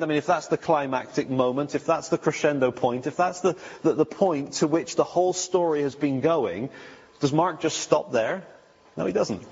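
A man's voice: a little high, husky. A man preaching a sermon in a conversational way, asking rhetorical questions and often restarting his sentences. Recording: lo-fi recording with long hall reverb.

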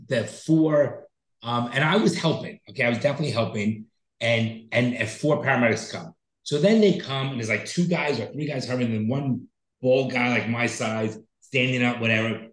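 Profane, rambling man in an echoey room. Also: mid-range voice. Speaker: podcast co-host. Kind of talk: casual chat.

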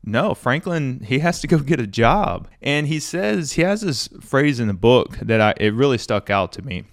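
A man reviews a classic book on his podcast in an easygoing, conversational manner, using loose phrases like "you know" and "stuff like that." He talks at a moderate pace with a medium pitch. The studio-quality recording has no echo.

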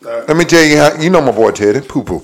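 A man's voice: mid-range voice, animated, fast. A Southern man around forty from Mississippi, teasing and playful in casual sports banter, often talking over others. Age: 40s.

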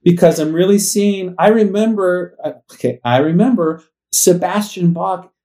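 A man's voice: sits high, moderate pace, noisy background. A man in his forties, a podcast co-host, talking in a reflective, wistful way that wanders and restarts as he thinks aloud. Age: 40s. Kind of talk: casual conversational podcast chat.

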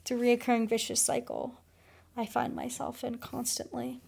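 A woman's voice: on the high side, little pitch movement, normal speed, gravelly, a little mellow, slightly rough. A young woman co-hosting a podcast, telling a dramatic, gossipy story in casual chat and swearing freely. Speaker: podcast co-host.

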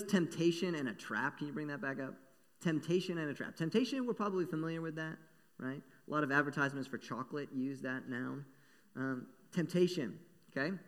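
A man preaching a sermon, playful and animated, acting out little voices as he talks. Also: mid-range voice. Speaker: pastor. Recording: long echo of a large hall.

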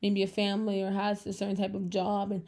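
A woman's voice: mid-range voice, completely flat delivery, brisk, a little mellow. A young woman hosting her own podcast, talking casually at home in a rambling, upbeat way, full of "like" and "um.". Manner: rambling, filler-heavy, chatty and upbeat. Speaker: podcast host. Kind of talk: casual solo chat.

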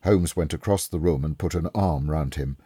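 A man narrating a classic story in a plain, steady manner. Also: a bass voice, moderate pace, slightly rough, dry recording. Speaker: narrator, audiobook reader.

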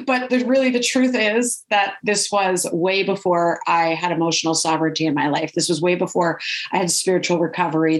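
An animated woman hosts her podcast, telling a personal story with frequent laughs and asides of "right?". Her voice sits a little low for a woman. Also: rough recording. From California. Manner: animated, laughs often, says "right?" a lot. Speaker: podcast host. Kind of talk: storytelling monologue.

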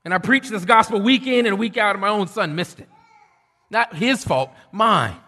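Pastor preaching in a reverberant hall. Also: male voice, high voice, lively intonation, moderate pace. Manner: swings from loud preaching to quiet storytelling. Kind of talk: sermon.

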